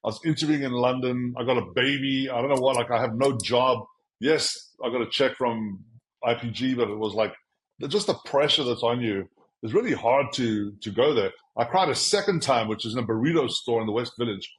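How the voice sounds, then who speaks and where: In poor audio, a man from South Africa talks a little fast in a medium pitch about how he built his career as an agency founder. The interview is casual, and he brings it to life by acting out quotes, both his own and other people's.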